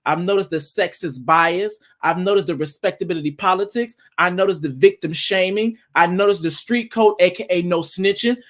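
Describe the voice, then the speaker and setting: Emphatic panel host listing points. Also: male voice, high-pitched, normal speed, few pauses. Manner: emphatic, lists points in repeated phrases. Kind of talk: casual panel discussion.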